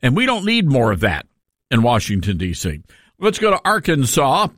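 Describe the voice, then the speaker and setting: A man hosting a talk radio show, animated and sarcastic in his commentary. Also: mid-range voice, moderate pace, dry recording, clean studio sound. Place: radio studio.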